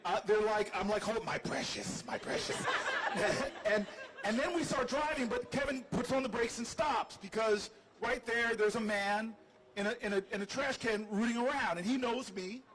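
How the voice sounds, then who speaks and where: This is an extremely high-pitched male voice at normal speed, heard through poor audio. He is a politician on a livestream, standing outside on building steps and telling a crowd an animated, self-mocking, jokey story.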